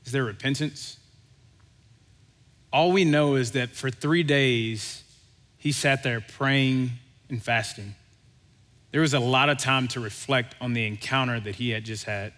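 A man preaching a sermon in an easygoing, conversational voice that livens up as he tells a story and acts out the voices in it. His voice sits at an ordinary middle pitch. A long reverb tail follows him through the hall. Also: measured pace, long pauses, a bit bright. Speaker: pastor.

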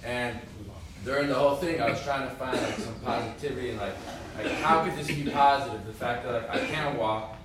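A young man sharing a personal story in class, quiet and hesitant. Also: medium pitch, fairly quick, a loud crowd. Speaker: student. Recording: echoey room from far off, noise.

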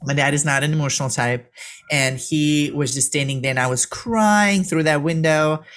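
Speaking as a guest, a middle-aged woman from Serbia shares a personal story with earnest feeling, breaking off and restarting when she becomes emotional. She has a deep voice.

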